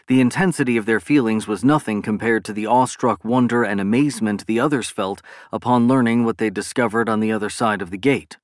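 Low-voiced man reading a novel. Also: dry recording, clean studio sound. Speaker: audiobook narrator. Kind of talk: scripted narration.

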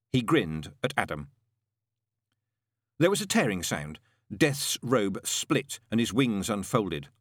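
A man narrates a novel as an audiobook, storytelling in a measured, expressive manner. His voice is fairly low, and the dry recording is studio quality.

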